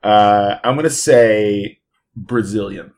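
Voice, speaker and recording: A man's voice: lowish voice, slow pace, darkish tone. A man in casual chat, dropping jokey asides and questions.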